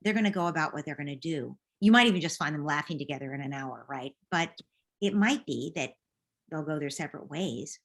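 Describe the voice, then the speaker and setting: A woman answering a parent's question as a parenting coach, gently modeling what to say to children. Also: low-pitched, animated, a little fast. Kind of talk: advice in a live Q&A.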